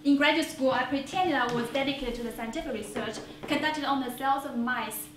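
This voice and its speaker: A high-voiced woman tells her own story in a one-woman stage monologue, earnest and reflective. Her voice fills a roomy theater and is picked up from a distance, with faint hiss underneath. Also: fairly quick. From China. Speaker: solo stage performer. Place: small theater stage before an audience.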